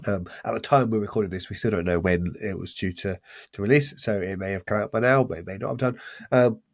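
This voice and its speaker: Husky man, enthusiastic podcast host. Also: fairly low pitch, a little fast, no echo, studio quality. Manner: enthusiastic, rambling with restarts. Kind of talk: casual podcast chat.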